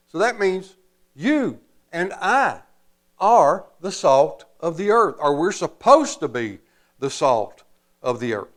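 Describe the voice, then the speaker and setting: Male pastor, sermon delivery, animated pitch, deliberate slow pacing, emphatic. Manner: slow, emphatic preaching with long pauses and folksy asides.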